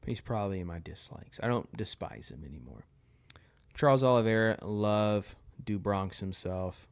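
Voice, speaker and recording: A man's voice: fairly low pitch, expressive, moderate pace. A young man giving blunt, opinionated verdicts in a casual commentary on his own channel. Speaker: tier list video host.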